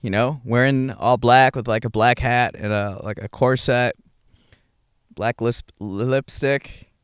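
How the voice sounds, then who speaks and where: A young adult man hosting a podcast, talking through his thoughts in a rambling, halting way with many fillers and restarts. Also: mid-range voice, fairly even intonation, clear, resonant tone, dry recording, studio quality. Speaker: podcast host. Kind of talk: casual reflective monologue.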